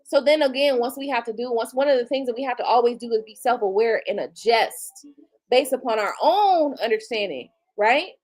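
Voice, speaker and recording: A woman's voice: a little high, brisk, low-quality recording. A woman in her forties, a tarot reader hosting her livestream, ranting casually in a blunt, profane way with features and sarcastic asides. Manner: blunt and profane, animated, with mocking quoted retorts.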